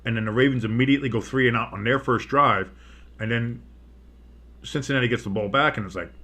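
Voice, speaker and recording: A man's voice: mid-range voice, brisk, pushed and bright. Man calling live football play-by-play. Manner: rambling, swears, restarts his sentences. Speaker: play-by-play commentator. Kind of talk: casual live play-by-play commentary.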